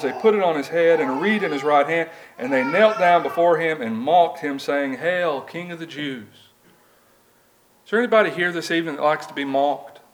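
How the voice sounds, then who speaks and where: A man's voice: on the high side, a little hiss or hum. A man preaching a sermon in a church, reading scripture and asking the congregation rhetorical questions in an earnest, conversational way. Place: church building.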